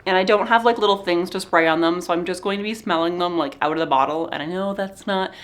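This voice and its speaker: Teary young woman vlogging candidly. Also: on the low side. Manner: soft, halting and teary, with nervous laughs. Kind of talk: candid personal vlog.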